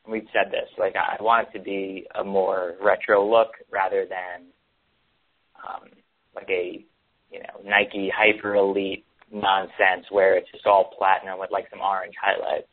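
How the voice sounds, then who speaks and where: Low-voiced man in casual sports chat. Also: little pitch movement, unhurried. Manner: rambling, many ums and restarts. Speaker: podcast co-host. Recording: tinny phone-like sound.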